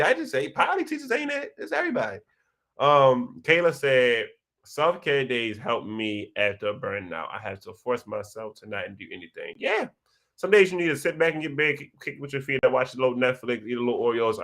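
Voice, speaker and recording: A young man hosting a live chat, reading viewer comments and telling stories in a slangy, animated way. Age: young adult. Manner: animated, slangy storytelling with big pitch jumps. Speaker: host of a live chat session.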